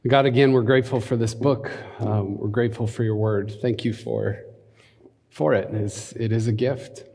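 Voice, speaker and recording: A man's voice: fairly low pitch, fairly even intonation, moderate pace, creaky, darkish tone, breathy edge. A man preaching and reading scripture aloud, breaking in with conversational asides and leading a prayer. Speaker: pastor. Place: church hall. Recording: long hall reverb.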